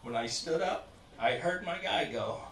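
Taking his time, a young comedian with a fairly high voice acts out the people in the story he's telling during his stand-up set. The comedy club sounds echoey, the mic is far away, and the crowd laughs loudly.

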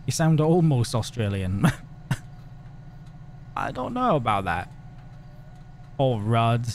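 Lively, chatty male streamer. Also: mid-range voice, slow, slight background noise. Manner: chatty and joking, laughs often. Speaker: livestreamer. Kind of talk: casual chat with live viewers.

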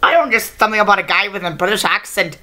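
Woman winging a video review, rambly, bright sharp voice. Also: mid-range voice, quick pace. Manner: rambling, unscripted, self-correcting. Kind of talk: casual improvised video review.

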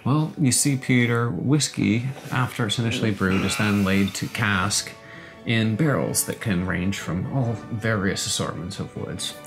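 A man co-hosting a comedic whisky review, talking in a mock-formal, deadpan pseudo-expert way. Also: lowish voice, unhurried, music in the background. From Canada. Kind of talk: mock-pompous banter.

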